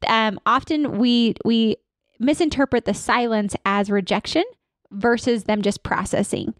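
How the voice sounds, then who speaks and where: Upbeat high-voiced woman, dry close sound. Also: unhurried, no room sound. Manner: energetic, upbeat, acts out staff and patient lines. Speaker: dental practice consultant. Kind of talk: podcast interview guest.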